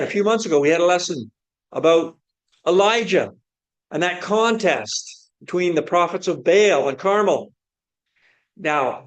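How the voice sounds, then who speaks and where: A man preaching a sermon, asking many rhetorical questions in an earnest, searching way. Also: sits high.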